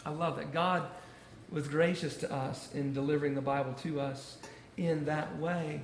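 High, gravelly-voiced man preaching. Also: fairly even intonation. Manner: emphatic, repeats key phrases slowly. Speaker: pastor. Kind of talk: sermon. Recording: echoey room with faint noise.

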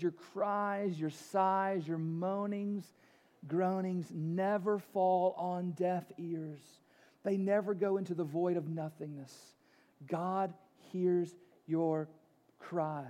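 High-voiced preacher in a reverberant hall. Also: male voice, slow. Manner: animated preaching, swings from loud exclamations to near whispers. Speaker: pastor. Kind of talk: sermon.

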